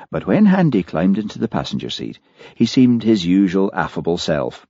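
A man narrating an audiobook in a lively, expressive reading voice. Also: low-pitched, moderate pace, dry recording, highs cut off. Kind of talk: scripted narration.

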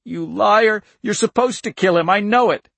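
A man voicing a frightened little girl, thin and high, pleading. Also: animated, slow, vocal fry, fairly bright tone, breathy edge, dry recording, heavily acted. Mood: accusing.

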